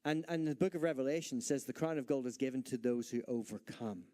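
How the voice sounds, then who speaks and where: A man's voice: medium pitch, fairly quick, mellow. A man preaching a sermon as pastor, emphatic, asking the congregation rhetorical questions and acting out their doubts. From Northern Ireland.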